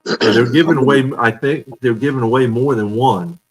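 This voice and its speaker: A man with a medium-pitched voice and moderate pace hosts a casual fan chat that's live-streamed over a video call. He's a talkative storyteller who laughs often, heard through a rough recording.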